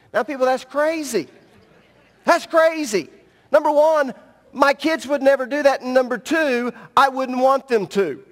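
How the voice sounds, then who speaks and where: Middle-aged male pastor, high voice, direct emphatic sermon delivery, long reverb from a church hall. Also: measured pace, fairly bright tone.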